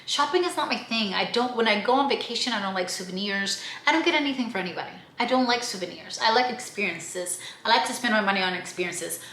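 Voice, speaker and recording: A young woman vlogging casually about her trip, chatty and animated, swearing offhand and acting out the people she met. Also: medium pitch, quick pace, few pauses. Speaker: travel vlogger. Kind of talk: casual travel vlog. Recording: echoey room.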